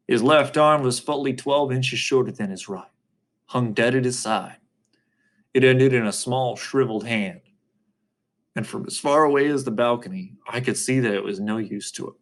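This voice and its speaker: A man narrating a novel aloud in a measured, even reading voice. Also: medium pitch. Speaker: reader. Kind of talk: audiobook narration.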